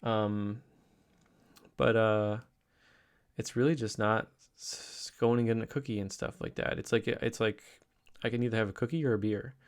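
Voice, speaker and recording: A man's voice: lowish voice, moderate pace, pauses often. A young adult man talking through a casual daily vlog, rambling upbeat with many restarts and fillers. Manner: upbeat, excited. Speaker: vlogger.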